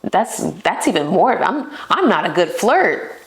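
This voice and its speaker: A woman's voice: mid-range voice, very animated, measured pace. A young woman hosting a casual solo podcast, talking playfully and poking fun at herself. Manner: playful and self-mocking, laughs at herself. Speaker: podcast host.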